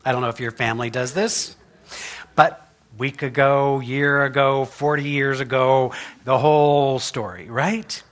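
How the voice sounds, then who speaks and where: A man's voice: medium pitch, steady tone, measured pace, a bit bright. A man giving a conversational sermon as pastor, chatty and humorous, often laughing and checking in with the congregation. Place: church sanctuary.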